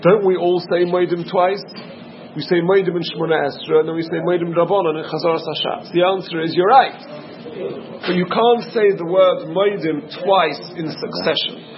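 A man's voice: sits high, fairly even intonation, moderate pace. A man teaching a Talmud class, explaining by asking questions and answering them himself. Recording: dull lo-fi recording with audience noise.

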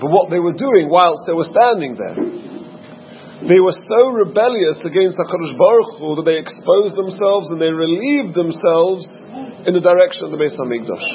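A man teaching a Talmud class, explaining by asking questions and answering them himself. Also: high voice. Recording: dull lo-fi recording with audience noise.

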